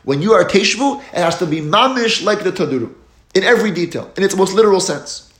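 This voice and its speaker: A man giving a Talmud lecture, explaining each step in a steady teaching cadence and lifting his voice on key terms. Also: high voice, brisk. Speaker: Torah teacher. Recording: echoey room.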